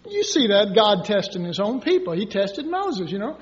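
Male preacher, very high voice, lively sermon delivery, dull recording with long reverb. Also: moderate pace, hardly any pauses, husky. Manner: animated, acts out quoted voices with sudden high cries. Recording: dull echoey recording from far off.

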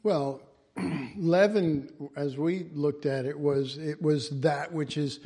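A man's voice: on the high side, steady tone, takes it slowly, mellow, breathy edge. A man giving an informal Bible teaching in a folksy way, chuckling often and restarting his phrases.

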